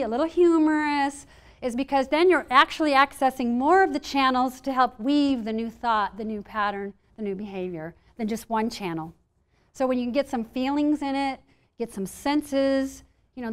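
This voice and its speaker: A woman with a slightly high voice speaks to a live room of listeners about stress resilience. Her delivery is lively and playful, and she slips into little acted inner voices to make her points. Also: clean tone. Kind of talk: live presentation to an audience.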